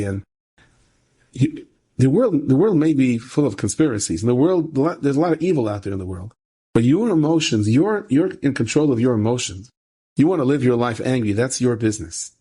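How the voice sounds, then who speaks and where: Rabbi storyteller, male, husky and breathy tone, mid-range pitch, lively retelling that leaps into characters' voices. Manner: animated, acts out characters with sudden high-pitched quoted voices; repeats phrases for emphasis. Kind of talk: storytelling sermon.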